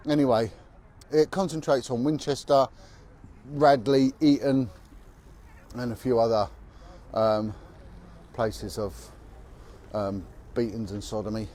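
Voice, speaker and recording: A man's voice: mid-range voice, steady tone, takes it slowly, warm tone. A man who is a former police officer, telling stories bluntly and with emphasis as he walks down a city street. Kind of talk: walking vlog monologue.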